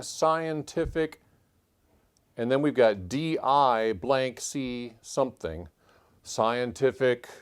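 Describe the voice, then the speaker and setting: A man hosting a puzzle channel, thinking aloud as he calls out letters and clue numbers in a measured solve-along walkthrough. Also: mid-range voice. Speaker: puzzle-solving channel host.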